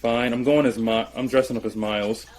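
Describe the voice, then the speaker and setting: A man's voice: mid-range voice, steady tone, fairly quick, darkish tone. A man co-hosting a podcast in casual chat, laid-back and joking. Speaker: podcast co-host.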